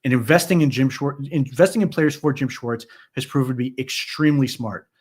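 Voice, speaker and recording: A man co-hosting a sports podcast, giving animated, conversational post-game analysis with frequent restarts. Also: medium pitch, fairly quick, husky.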